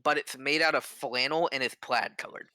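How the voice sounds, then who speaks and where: A man's voice: medium pitch, steady tone, normal speed, bright, forceful tone, no room sound. A man narrating as game master in a casual, rambling way.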